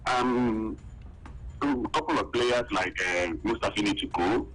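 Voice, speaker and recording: A man calling in to a radio show, giving his opinion in a halting way with many restarts. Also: lowish voice, fairly bright tone, poor audio. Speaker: caller. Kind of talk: phone-in opinion.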